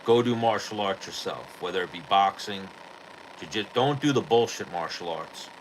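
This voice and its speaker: Lower-voiced man swearing through a story. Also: expressive, moderate pace, slight background noise, low-quality recording. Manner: profane, rambling storyteller. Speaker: podcast host. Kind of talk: casual storytelling chat.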